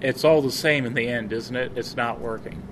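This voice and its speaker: A man co-hosting a casual podcast, rambling with lots of fillers in a deadpan way. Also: medium pitch, normal speed. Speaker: podcast co-host. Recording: noisy amateur podcast recording.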